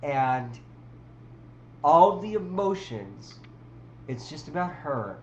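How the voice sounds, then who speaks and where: Woman ranting on a livestream from home, slow, lots of ups and downs, echoey room, faint hum. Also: sits low, very animated, darkish tone, dull audio. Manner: rambling, many restarts and fillers, talks to chat. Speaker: livestream host. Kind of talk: casual livestream rant. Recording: roomy with faint background hum.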